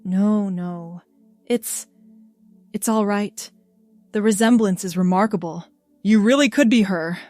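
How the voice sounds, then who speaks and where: Gentle grieving older aunt played by a woman narrator for a story reading, soft and hopeful, slow, dry close sound. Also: mid-range voice, no room sound, faint music behind, close to an everyday voice. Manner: soft, hopeful, breaking with emotion.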